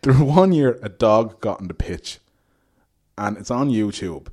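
An Irish man telling animated, laughing stories as a guest in casual podcast chat. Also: on the low side, unhurried. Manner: animated storyteller, laughs often.

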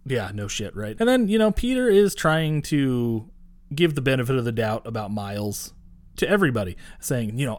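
A man's voice: medium pitch, moderate pace, dry recording. Profane man recapping a movie. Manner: profane, animated retelling with quoted voices. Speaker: podcast co-host. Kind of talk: casual movie recap chat.

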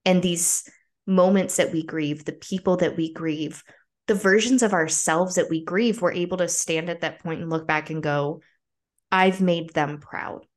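A young woman hosting a casual podcast, candid and animated, with frequent "like" fillers. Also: lowish voice, measured pace. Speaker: podcast host. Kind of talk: casual conversation.

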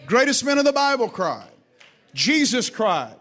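A high-voiced man preaches to a congregation with emphasis and drive. He repeats key lines and urges the listeners to call back and turn to each other. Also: sing-song, measured pace, bright, forceful tone. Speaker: pastor. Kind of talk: sermon. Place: church service with congregation.

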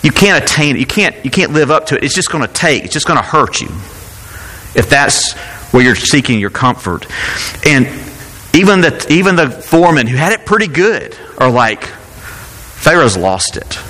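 A man's voice: on the high side, expressive, moderate pace, bright, forceful tone, in a large hall. A man preaching a sermon as pastor, talking in a conversational way and asking rhetorical questions.

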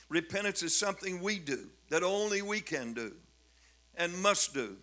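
A man's voice: high voice, expressive, moderate pace, pushed and bright. An older man preaching a sermon as a bishop, fervent and emphatic, often repeating his words. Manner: fervent, rising to emphatic declamation, with frequent repetitions.

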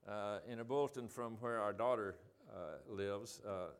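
A man's voice: lowish voice, lively intonation, clear, resonant tone. Older man leading a rambling Bible study. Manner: rambling, many ums and restarts, reads quotes slowly. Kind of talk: informal group Bible study.

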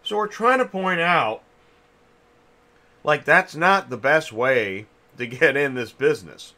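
A man's voice: fairly high pitch, expressive, slow pace, sharp tone. A man hosting a casual industry chat, rambling and thinking aloud with many restarts while chewing a cough drop. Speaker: podcast host.

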